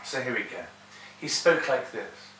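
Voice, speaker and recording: A man's voice: mid-range voice, a little slow, sharp tone. A man ranting in a sardonic, digressive monologue. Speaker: vlogger. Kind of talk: rambling monologue to camera. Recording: roomy room, distant mic, faint hiss.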